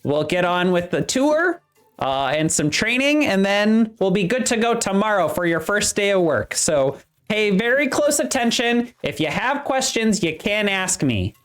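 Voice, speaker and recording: A game master voicing a chipper workshop supervisor at Santa's workshop, talking with a Midwestern accent in hurried tour-guide patter. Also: mid-range voice, big pitch swings, soft background music, pitched above the performer's own voice. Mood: upbeat. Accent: Midwestern American.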